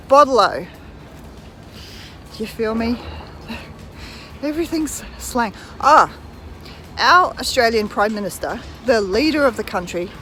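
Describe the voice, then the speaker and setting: A woman's voice: mid-range voice, fairly bright tone, a little hiss or hum, rough recording. A woman in her thirties from New Zealand with a New Zealand accent, chatting casually as a vlogger while walking outdoors and filming on a phone. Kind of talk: casual chat.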